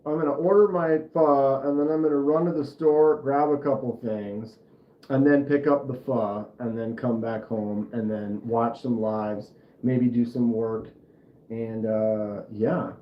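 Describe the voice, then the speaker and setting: A man's voice: medium pitch, steady tone, a little slow, reverberant, muffled recording. A man with a Minnesota accent hosting a casual livestream, rambling and chatting back to viewer comments. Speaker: knife channel livestream host.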